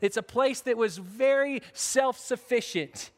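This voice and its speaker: A man's voice: very high voice, measured pace. A man preaching a sermon as pastor, in casual, repetitive talk with frequent restarts. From United States. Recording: long hall reverb.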